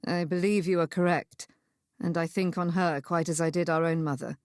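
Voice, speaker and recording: Woman reading as a sarcastic young gentleman, self-reproaching, slightly lowered voice, dry close sound. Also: fairly even intonation, moderate pace, no echo, lightly acted. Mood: wry. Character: young gentleman, brooding and wry.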